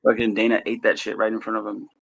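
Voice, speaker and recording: A man's voice: fairly low pitch, flat delivery, fast talker, gravelly, breathy edge, muffled recording. A man from California, a fighter guest in a casual interview, brash and jokey with heavy swearing. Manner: brash, profane trash talk, jokey.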